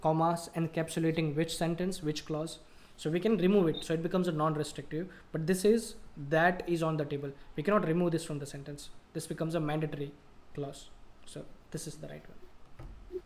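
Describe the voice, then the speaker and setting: Man tutoring grammar, higher voice. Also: fairly even intonation, brisk. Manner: patient, explains rules step by step with examples. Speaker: IELTS tutor. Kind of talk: live online grammar lesson.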